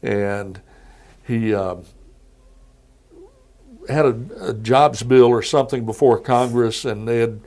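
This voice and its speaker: A man's voice: medium pitch, takes it slowly, long pauses, a little mellow. Easygoing middle-aged anchorman telling stories. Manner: easygoing anecdotal storyteller. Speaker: TV news anchor, guest. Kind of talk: casual interview storytelling.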